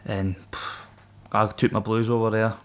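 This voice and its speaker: A man's voice: on the low side, normal speed. A Scottish man, a former Royal Marine, telling stories on a podcast in casual, swearing chat that he breaks with laughs. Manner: swearing, animated, laughs mid-story. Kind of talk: casual storytelling.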